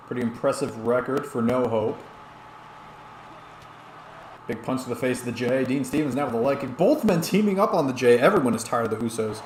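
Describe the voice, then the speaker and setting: A tipsy male streamer with a mid-range, slightly mellow voice gives rambling play-by-play on a wrestling game while reading chat. He's chatty and talks back to comments, with roomy echo and faint hiss in the background.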